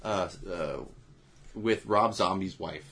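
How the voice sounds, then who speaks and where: A man's voice: low-pitched, slow pace, fairly bright tone, slight background noise. A man hosting a podcast, ranting bluntly and swearing in casual chat. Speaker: podcast host.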